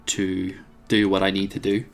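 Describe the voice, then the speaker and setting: A man's voice: low-pitched, completely flat delivery, normal speed. A man commentating his own strategy game, thinking aloud with plenty of hesitations and wry asides. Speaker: let's play host.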